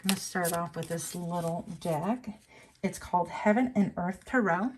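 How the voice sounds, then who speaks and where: A woman giving a casual tarot reading, chatty and musing aloud with fillers and self-corrections, now and then jumping into a high voice to quote people. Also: a little slow, bright, forceful tone, slight background noise. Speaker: tarot reader.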